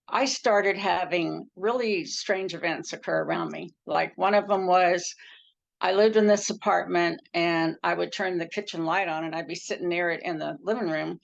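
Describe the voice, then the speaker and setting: A woman telling her own near-death story in an earnest, casual way, jumping up in pitch when she acts out what people said. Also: gravelly. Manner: earnest, acts out quoted speech with pitch jumps. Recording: dull lo-fi recording.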